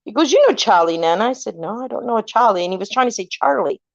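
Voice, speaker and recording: Animated woman storyteller, lo-fi sound. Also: on the high side, fast, gravelly, no echo. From California. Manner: animated, acts out quoted voices, swears casually. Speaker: family member telling ghost stories. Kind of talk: casual storytelling chat. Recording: dull lo-fi recording.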